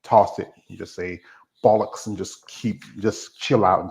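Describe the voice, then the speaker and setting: A man with a low, fairly even voice speaks a little slowly, with vocal fry and a somewhat mellow tone. Hosting an interview, he rambles casually in an easygoing way, trailing off and leaving sentences half-finished, all on a dull lo-fi recording.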